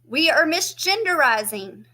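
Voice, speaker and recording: A woman's voice: high voice, sing-song, unhurried, sharp tone. A woman, chatting casually to camera as a true crime YouTube host and telling stories. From Southern United States. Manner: chatty storyteller, acts out quoted voices.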